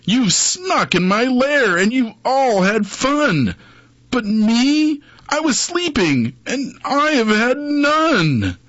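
A man doing a whiny sulking storybook bear, raised and loud, slow, husky, muffled. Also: very high-pitched, sing-song, no room sound, voice pushed up, heavily acted. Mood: sulky. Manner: whiny, complaining. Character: big grumpy sulking bear. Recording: dull muffled recording.

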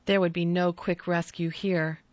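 A woman with a somewhat low voice reads a ghost story in an even, measured manner. The audio is dry and a bit dull, as from a lo-fi recording. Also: no room sound. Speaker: narrator. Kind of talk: scripted ghost story narration.

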